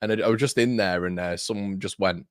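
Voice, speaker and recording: A man's voice: on the low side, fairly even intonation, quick pace, no echo, studio quality. A young man hosting a live fan watchalong, chatting casually and reading viewer comments aloud in a matey way. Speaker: fan channel host. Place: home studio.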